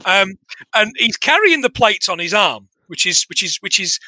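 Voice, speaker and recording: Podcast co-host, a man, high and very bright voice, sweary, exasperated, dry close mic. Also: sing-song, moderate pace, dry recording. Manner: sweary, exasperated, rambling with restarts. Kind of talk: casual comedic film review chat.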